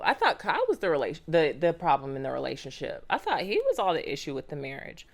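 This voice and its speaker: A woman's voice: low voice, wildly swooping pitch, fairly quick, hardly any pauses. A woman hosting a solo podcast, talking casually and animatedly with slang and lots of exclamations and rhetorical questions. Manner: slangy and conversational. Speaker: podcast host.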